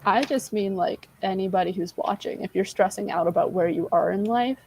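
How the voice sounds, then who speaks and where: A woman's voice: medium pitch, brisk, darkish tone, husky, no room sound, low-quality recording. A woman in her twenties co-hosting a casual livestream chat, rambling and candid, often losing her train of thought. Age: 20s. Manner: candid, self-deprecating. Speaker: livestream co-host.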